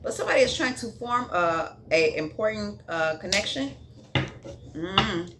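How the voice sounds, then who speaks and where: A woman talks through a tarot spread in a loose, casual way, swearing often and humming or singing little asides. Her pitch sits in the middle. A clear hiss of noise runs under her voice. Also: animated, unhurried. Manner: blunt, profane, sing-song asides. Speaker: tarot reader.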